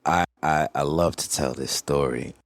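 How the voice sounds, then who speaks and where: A man with a very deep, low voice tells stories at an easy pace as an interview guest. The sound is dry and close, and he often checks in with "you know what I mean". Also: moderate pace, dry recording. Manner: relaxed storyteller, keeps saying "you know what I mean". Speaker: guest, coach. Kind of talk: casual interview storytelling.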